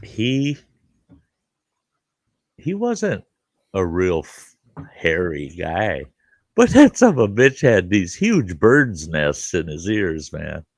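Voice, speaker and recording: A man's voice: deep voice, wildly swooping pitch, takes it slowly, pauses often, no echo. A middle-aged man, a campground host, telling rambling, profane stories in casual chat and laughing at his own jokes. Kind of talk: casual live chat storytelling.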